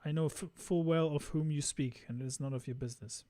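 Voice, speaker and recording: A man's voice: a little high, fairly even intonation, brisk, warm tone, no echo, close to an everyday voice. A man putting on a vain, haughty noble lady. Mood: scornful. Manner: imperious, disdainful.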